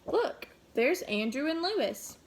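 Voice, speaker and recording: A woman teacher reading a picture book aloud to children, pausing to ask gentle questions. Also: sits high, sing-song, slight background noise.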